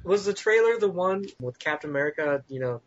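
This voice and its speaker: Male podcast co-host, quick quips, slightly high voice, lo-fi. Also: expressive. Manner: quick wisecracking asides. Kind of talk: casual chat.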